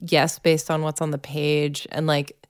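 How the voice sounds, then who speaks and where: Speaking unhurriedly in a low, smooth, level voice, a thirty-something woman co-hosts a podcast, keeping it casual with lots of "like."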